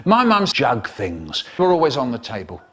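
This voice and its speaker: A man telling comic stories in a theatrical, drawn-out way, cut up and spliced into a remix. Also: mid-range voice, wildly swooping pitch, a bit bright. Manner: theatrical, drawn-out, exaggerated pauses and voices. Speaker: storyteller.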